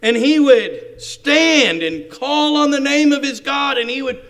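A man's voice: extremely high pitch, unhurried, pitched above the performer's own voice. A man voicing a proud, angry foreign army commander who bursts out in indignation. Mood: indignant. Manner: indignant, rising to loud outbursts.

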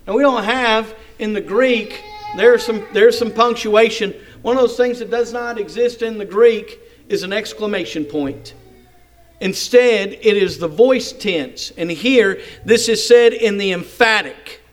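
A man preaching a sermon, reading scripture aloud and explaining it with strong emphasis, at times dropping to a soft voice. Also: high voice, moderate pace.

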